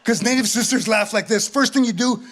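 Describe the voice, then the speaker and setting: Animated comedian guy, high husky voice, keeps tossing in "eh?". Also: a little fast. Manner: animated, tag questions with "eh", acts out laughs. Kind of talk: stand-up storytelling. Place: live performance venue.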